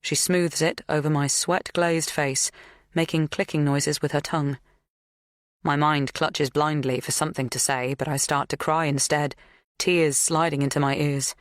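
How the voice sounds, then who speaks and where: A woman's voice: deep voice, steady tone, normal speed, no room sound, studio quality. Woman reading a tense audiobook thriller. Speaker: audiobook narrator. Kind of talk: first-person thriller narration.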